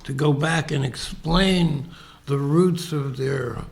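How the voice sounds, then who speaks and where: In a slightly high, creaky voice and at a slow pace, this podcast co-host reflects casually, illustrating ideas with examples and small acted-out dialogues.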